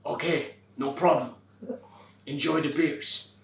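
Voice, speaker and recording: An actor on stage playing a furious, drunk Siberian driver who snarls in slow, broken English, heard from far off in a roomy hall. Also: male voice, on the high side, fairly even intonation, creaky. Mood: flat. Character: menacing drunk Siberian man driver, raging.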